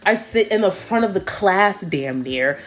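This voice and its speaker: Animated young woman telling a story. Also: medium pitch, a little slow. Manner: animated, laughing storytelling with acted-out quotes. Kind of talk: casual chat.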